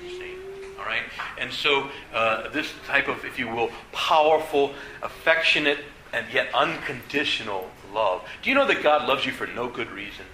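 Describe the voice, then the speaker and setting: Man teaching a church class, bright tone. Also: mid-range voice, wildly swooping pitch, slight background noise. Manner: halting, repeats words and fills with "uh", then speeds up. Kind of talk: adult faith class lecture. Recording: echoey room, faint ambience.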